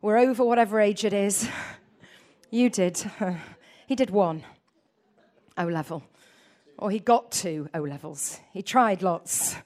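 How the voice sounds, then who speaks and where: A middle-aged woman from the north of England preaching a lively sermon, asking her congregation questions and adding chatty asides. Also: medium pitch, measured pace, pauses often. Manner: animated, asks the audience questions, chatty asides.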